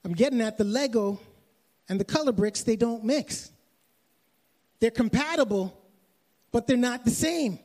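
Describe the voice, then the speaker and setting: A young adult man with a Canadian accent preaching a sermon, telling a story softly and then raising his voice to exhort. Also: very high voice, unhurried, pauses often. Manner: storytelling, shifts from soft anecdote to raised preaching. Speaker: pastor.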